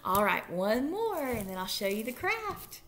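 A woman, a children's librarian, reading picture books aloud at a preschool story time, slow and expressive with playful asides. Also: on the high side, slight background noise.

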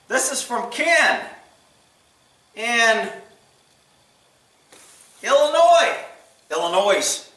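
Guy cussing to himself while unboxing, slow bright voice, kinda far from the mic in a roomy echoey space. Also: high-pitched. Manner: mutters to himself, swears freely. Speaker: channel host opening gifts. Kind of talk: casual unboxing chat. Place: room at home with a table. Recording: echoey room, voice off-mic, faint noise.

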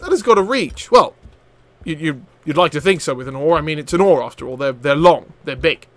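A man commentating his own gameplay, excitable and chatty, shouting at enemies and laughing often. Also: fairly high pitch, brisk, no room sound. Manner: excitable, loud outbursts and swearing, frequent laughter; chatty, talks to enemies on screen. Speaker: gaming channel host. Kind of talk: let's play commentary.

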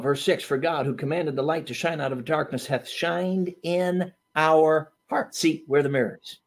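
High-voiced man preaching a sermon. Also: steady tone, normal speed, hardly any pauses. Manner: emphatic preaching with sudden swings between loud and hushed; storytelling asides with fillers.

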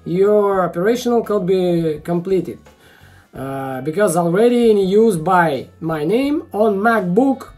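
Woman, casual tutorial, unhurried, stumbling non-native English, lots of fillers, frustrated, faint music behind. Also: mid-range voice, lively intonation, darkish tone. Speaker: video tutorial maker.

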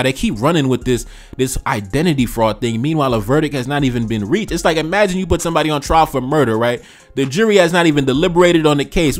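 A man with an American accent hosting a reaction video, talking passionately in slangy street speech and repeating phrases for emphasis. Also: on the high side. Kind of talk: fired-up commentary on viewer comments.

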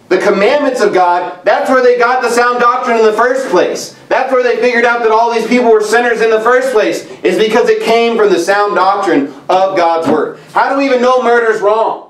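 High-voiced preacher in an echoey church. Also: male voice, moderate pace, recorded from a distance. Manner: emphatic, repetitive preaching with scripture readings. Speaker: pastor. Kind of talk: sermon. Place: church sanctuary.

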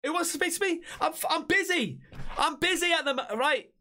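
A flustered devil, swamped with calls, brushing everyone off in a raised voice, as a man puts him on. He sounds rushed and distracted. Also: very high-pitched, animated, pushed and bright, pitched above the performer's own voice, exaggerated voice. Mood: harried. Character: harried male devil, too busy for callers.

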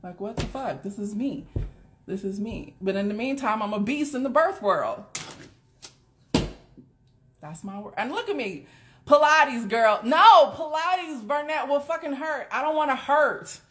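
A doula who hosts a casual live stream talks bluntly and straight to her viewers, swearing plenty and laughing often. Her voice is on the high side and fairly bright, with lively intonation and a measured pace, and a little hiss or hum is audible.

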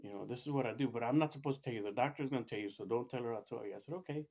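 A middle-aged man casually telling a personal story, rambling with restarts and acting out what others said by raising his pitch. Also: rapid-fire, gravelly, darkish tone. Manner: rambling, acts out quoted voices with raised pitch, many restarts. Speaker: storyteller recounting his own experience.

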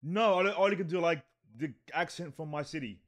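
A man's voice: fairly high pitch, brisk. An Australian man co-hosting a podcast in casual chat, stammering and playfully indignant. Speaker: podcast co-host.

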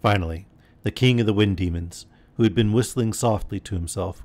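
A man reading a classic story aloud as a bedtime storyteller, steady and expressive. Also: lowish voice, fairly quick, dry recording.

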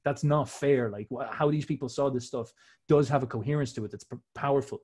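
A man's voice: mid-range voice, brisk, a little mellow, slightly rough. A man talking casually and emphatically, explaining old myths in slangy, swearing speech.

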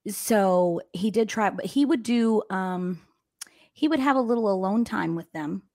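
A woman's voice: fairly low pitch, a little mellow. Blunt, sarcastic woman podcaster. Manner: blunt, sarcastic, swears freely. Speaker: podcast co-host. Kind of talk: casual true crime chat.

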